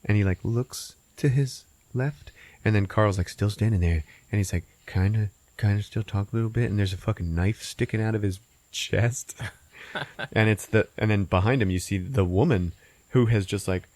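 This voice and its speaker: A man hosting a podcast, casually recapping a movie's plot with lots of profanity and laughter, jumping into squeaky put-on voices for the characters. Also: normal speed, no room sound. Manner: profane, laughing, animated storytelling. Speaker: podcast host.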